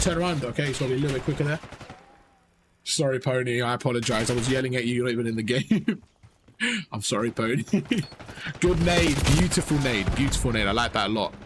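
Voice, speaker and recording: A man with a mid-range voice provides live coaching commentary on a game, repeating urgent directions and addressing his chat. Gunfire and sound effects from the game are loud behind him.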